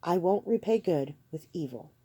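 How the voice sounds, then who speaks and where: A woman's voice: on the low side, lively intonation, moderate pace, mellow, breathy edge, no room sound, studio quality. A woman voicing an earnest, indignant young servant. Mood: hurt. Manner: indignant, direct, hurt.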